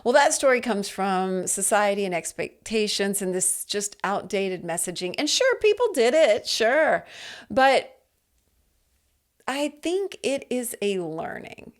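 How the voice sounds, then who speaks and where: A middle-aged woman talks on her own motivational podcast in an earnest, conversational way. She restarts her sentences and keeps checking in with "right?". Her voice sits at an ordinary middle pitch for a woman, picked up by a headset mic. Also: very animated, measured pace. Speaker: podcast host. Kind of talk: solo motivational podcast talk. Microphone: headphones with a mic.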